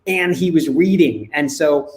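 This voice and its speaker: A man co-hosting a talk, telling lively family anecdotes and acting out dialogue. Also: fairly high pitch, measured pace. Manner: animated anecdotes, acts out dialogue. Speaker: co-host. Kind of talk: casual storytelling. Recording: echoey room.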